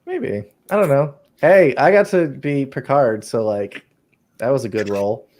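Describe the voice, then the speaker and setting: A man's voice: medium pitch, a little slow, darkish tone. A man in his twenties, a graduate student guest, joking in laid-back casual chat over a video call.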